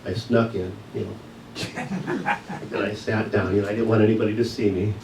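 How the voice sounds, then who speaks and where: A man with a fairly low voice tells a personal story from the pulpit, earnest and reflective. He sounds set back from the mic, with the sound ringing around a large church room. A faint hiss sits under his voice. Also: little pitch movement, fast talker, reverberant, distant mic. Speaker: guest speaker at a church service. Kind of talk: personal testimony talk. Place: church sanctuary.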